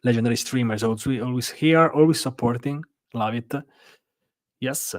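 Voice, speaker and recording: A mid-range male voice at a moderate pace, with no room sound, belongs to an Italian-accented man live-streaming from a hotel room. He chats casually and rambles through viewer questions, peppering his answers with "uh."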